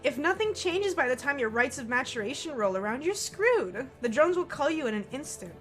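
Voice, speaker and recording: A brash, bossy teenage troll girl from a game, loud and pushy, with a valley-girl tilt, as a woman puts her on. The voice sits high and bright and swings widely in pitch. She leans on every line. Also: sing-song, fairly quick, soft background music.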